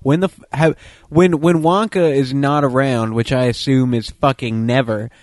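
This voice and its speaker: A man's voice: mid-range voice, steady tone, moderate pace, darkish tone, no room sound, clean studio sound. A man in casual chat, sarcastic and profane, riffing on a film he is watching.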